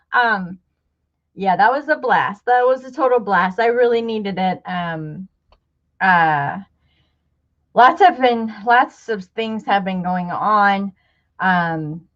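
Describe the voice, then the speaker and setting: A middle-aged woman hosting a casual livestream chat with viewers, speaking in a heartfelt, halting way, on the edge of tears. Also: medium pitch. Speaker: livestream host. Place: home room with a table of craft supplies. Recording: dull lo-fi livestream audio.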